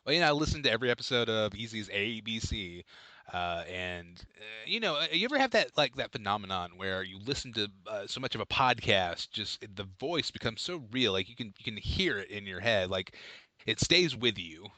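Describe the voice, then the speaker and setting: A man co-hosting a comedy podcast. His voice is bright and forceful, and his pitch swings all over the place as he rambles through jokes with lots of fillers. The sound is dry and close, with almost no room around it. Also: sing-song, a little fast, no room sound. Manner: playful, jokey, rambling with fillers. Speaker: podcast co-host. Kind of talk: casual comedic podcast chat.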